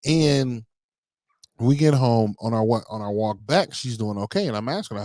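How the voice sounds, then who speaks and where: A man co-hosting a podcast, telling parenting stories in a relaxed, rambling way full of fillers. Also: medium pitch, moderate pace, dry recording. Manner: relaxed storytelling with many fillers. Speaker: podcast co-host. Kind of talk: casual chat.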